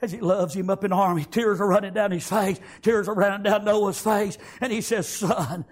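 A male preacher telling a story in a sermon, punctuated with amens and shouted lines. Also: high voice, steady tone, moderate pace.

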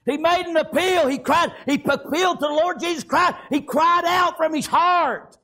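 Shouting high-voiced preacher. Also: male voice, normal speed. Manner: fervent, shouting, with a constant "amen". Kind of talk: sermon.

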